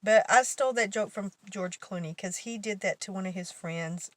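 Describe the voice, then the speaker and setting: A woman's voice: mid-range voice, moderate pace, no room sound. A woman vlogger casually telling a story, rambling and correcting herself as she goes, laughing often.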